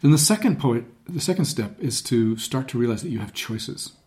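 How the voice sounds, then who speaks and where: Lively man coaching voice use. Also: normal speed. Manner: demonstrative, shifts his voice low and high to show examples. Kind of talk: casual conversation. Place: podcast studio.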